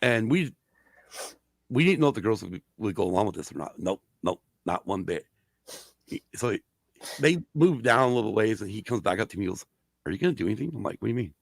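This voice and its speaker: Gravelly man telling profane stories. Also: fairly low pitch, a little fast, pauses often, dry recording. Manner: profane, animated storyteller. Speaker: podcast host. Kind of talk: casual storytelling chat.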